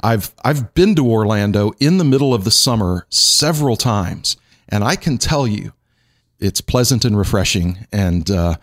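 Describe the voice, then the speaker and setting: Low-voiced bantering male podcast host. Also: animated, normal speed. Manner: playful, bantering, many restarts. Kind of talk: casual conversation.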